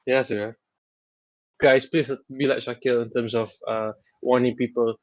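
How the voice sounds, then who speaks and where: A man's voice: medium pitch, little pitch movement, unhurried, darkish tone, no room sound, muffled recording. A man co-hosting a podcast in casual chat, rambling and teasing his friends with frequent laughter. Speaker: podcast co-host.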